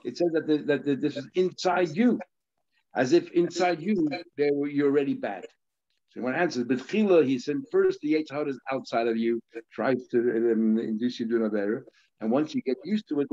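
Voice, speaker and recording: A man's voice: medium pitch, fairly quick, dark tone. A male rabbi giving a Talmud lesson, explaining terms step by step in a conversational way. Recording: slightly dull lo-fi audio.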